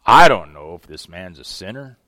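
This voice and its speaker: Animated man preaching a sermon. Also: fairly low pitch, moderate pace, dry recording. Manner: animated, conversational, acts out the text. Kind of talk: expository sermon.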